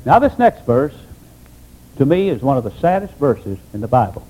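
A man pastor preaching an emphatic sermon, dropping low for solemn points. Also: sing-song, normal speed, dark tone, husky, rough recording.

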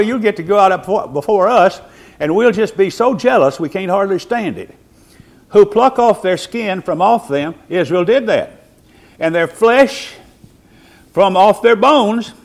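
Preacher man, high voice, wildly swinging pitch, sermon, slow deliberate emphasis. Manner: swings from low and quiet to loud and high, preaching.

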